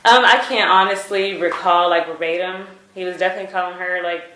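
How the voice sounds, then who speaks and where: Hesitant woman witness, slightly low voice, echoey room recording. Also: fairly even intonation, brisk, sharp tone. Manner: hesitant, many fillers, retelling events. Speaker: witness giving a statement. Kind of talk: recorded statement to prosecutors.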